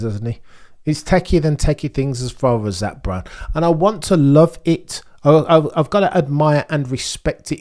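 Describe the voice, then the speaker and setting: A man's voice: a little high, a little mellow. A middle-aged man hosting a motorsport news show, giving theatrical, indignant commentary and talking straight at the people he criticizes. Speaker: F1 news host. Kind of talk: opinionated commentary on a clip.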